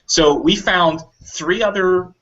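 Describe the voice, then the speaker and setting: A man casually telling a long funny anecdote on a podcast, acting out what people said. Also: takes it slowly. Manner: animated storyteller acting out quotes in higher voices. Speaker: volunteer convention staff telling a story. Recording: dull lo-fi audio.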